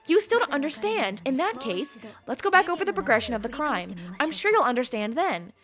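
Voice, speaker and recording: A woman voicing a calm, cool teenage girl detective from a game, speaking quietly and evenly. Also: high voice, pitched above the performer's own voice. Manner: quiet, level, measured.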